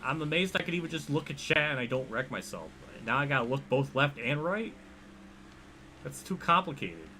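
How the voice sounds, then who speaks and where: A man's voice: fairly high pitch, big pitch swings, normal speed, pushed and bright, slight background noise. A man with a Pennsylvania accent giving live commentary while streaming a racing game, rambling and self-deprecating as he reacts to chat.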